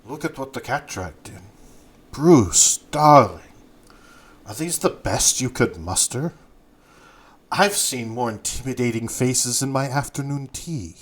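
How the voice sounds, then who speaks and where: A man's voice: mid-range voice, animated, unhurried. A man voicing a haughty, condescending wealthy woman crime boss in a tabletop game. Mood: mocking. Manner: mocking, condescending.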